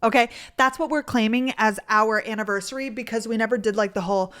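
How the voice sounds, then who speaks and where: A woman's voice: on the high side, fast talker, fairly bright tone. A young woman telling a dating story in a casual, rambling way, with lots of "like" and gushing asides. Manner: gushing, rambling, filler-heavy with frequent "like". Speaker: vlogger.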